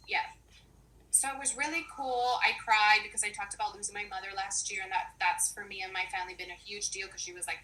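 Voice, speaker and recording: Chatty, emotional woman in her forties from Puerto Rico; bright tone, video-call chat. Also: medium pitch, rough recording. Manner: warm, emotional, chatty with frequent restarts. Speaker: finance professional and money coach.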